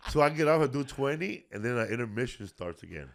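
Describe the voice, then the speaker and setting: A man's voice: medium pitch, lively intonation, quick pace, creaky. A middle-aged man hosting a podcast, telling comedy-tour stories in a loose, profane, casual way. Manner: loose, profane, peppered with "bro". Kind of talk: casual storytelling chat.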